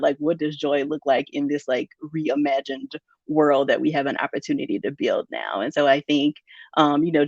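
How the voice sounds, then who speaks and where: A woman on a panel answering casually, relaxed and full of conversational fillers. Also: deep voice, no room sound, highs cut off. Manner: relaxed, full of "um" and "you know". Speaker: panel speaker.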